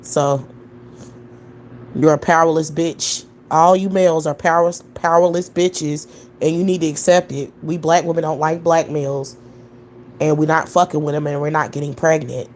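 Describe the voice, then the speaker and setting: A woman's voice: low voice, fairly even intonation, normal speed, a little mellow, a little hiss or hum. A young adult woman hosting a live stream, answering chat in a profane, scornful rant with mocking laughter. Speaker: livestream host.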